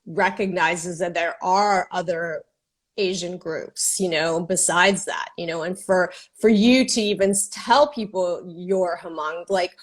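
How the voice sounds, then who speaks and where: A woman's voice: lowish voice, measured pace. A woman host from Texas in a casual interview, talking hesitantly with many fillers and restarts.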